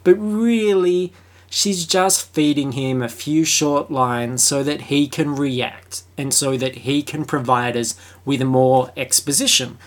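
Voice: medium pitch, takes it slowly. An Australian podcaster talks through a film on their own show, in loose, sarcastic commentary. They swear freely and keep slipping into jokey, overexcited asides. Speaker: podcast host.

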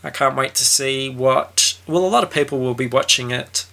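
Gravelly, bright-voiced man. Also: medium pitch, normal speed. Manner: animated, swearing, acts out reactions. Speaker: podcast co-host. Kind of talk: casual podcast chat.

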